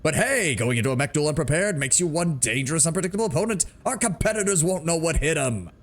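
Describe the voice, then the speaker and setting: A man's voice: on the high side, expressive, fast talker, voice pushed up. A man putting on an over-the-top voice as a brash, boastful male mech pilot and commentator in a video game. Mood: cocky.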